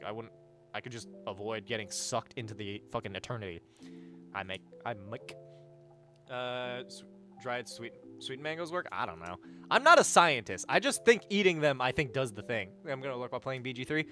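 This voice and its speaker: Young guy streamer rambling to chat, swears a lot, lively up-and-down voice. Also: mid-range voice, fast, soft background music. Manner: animated, profane, rambling. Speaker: livestreamer. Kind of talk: casual live-stream chat reading viewer messages.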